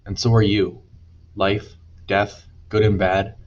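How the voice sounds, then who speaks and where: A man's voice: lowish voice, flat delivery, slow, darkish tone, highs cut off. A man doing a remorseful teenage boy. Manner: earnest, pleading. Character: remorseful teenage boy, troubled but gentle.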